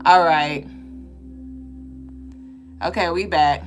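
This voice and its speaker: A woman's voice: on the high side, normal speed, faint music behind. A woman, co-hosting a spiritual live stream in casual, profane, joking talk. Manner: profane, joking, animated storytelling. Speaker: podcast co-host.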